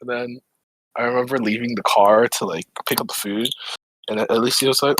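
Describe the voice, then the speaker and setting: A man's voice: medium pitch, fast talker, slight background noise, rough recording. A young man co-hosting a podcast, telling a story in a casual group chat and acting out what his friends said. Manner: animated storytelling, acts out quoted friends. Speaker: podcast co-host.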